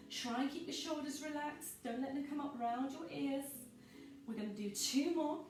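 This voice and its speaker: A woman with a high voice guides a pilates class through each move, calm and encouraging as she counts the breaths. She sounds far from the mic in a very echoey room. Soft music plays behind her. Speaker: pilates instructor. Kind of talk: guided workout instruction.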